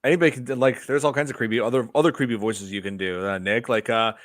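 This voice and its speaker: A man's voice: mid-range voice, steady tone, quick pace, no echo, studio quality. A man co-hosting a podcast, talking casually and hesitantly with many fillers. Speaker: podcast co-host.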